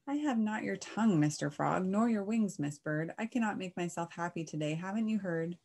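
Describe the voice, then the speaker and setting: A woman's voice: medium pitch, expressive, normal speed, darkish tone. A woman voicing a sad, gloomy male cow in a children's storybook, speaking in a plaintive, mumbling way. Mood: glum. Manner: glum, plaintive.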